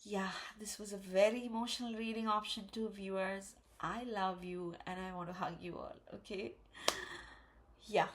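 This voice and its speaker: A woman giving an emotional, encouraging tarot card reading, speaking slowly and with emphasis. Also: medium pitch, fairly bright tone, slight background noise. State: tearful. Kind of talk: spiritual pick-a-card reading.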